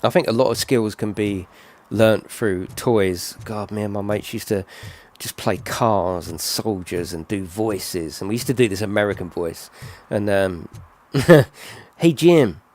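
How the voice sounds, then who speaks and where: A man's voice: fairly low pitch, unhurried, hardly any pauses, a little mellow. A middle-aged man giving casual, rambling game commentary full of tag questions. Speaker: gaming channel host.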